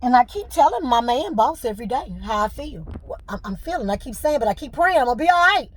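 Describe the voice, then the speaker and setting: A woman's voice: high voice, lively intonation, quick pace. A middle-aged woman, venting to camera with emotion and fighting back tears. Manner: tearful, fighting back crying. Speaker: vlogger.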